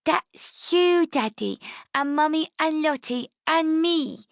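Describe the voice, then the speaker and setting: A woman voicing a small, proud little girl who chirps in a high, bright childlike voice. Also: slow, creaky, no room sound, clean studio sound, full character voice.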